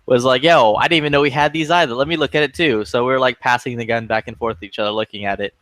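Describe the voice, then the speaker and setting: A man's voice: mid-range voice, racing, dry recording. Guy ranting thru a funny story, cussing a lot, acts out other people, dead dry sound. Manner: profane, animated anecdote with quoted voices. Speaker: lobby chat regular. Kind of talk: casual storytelling chat.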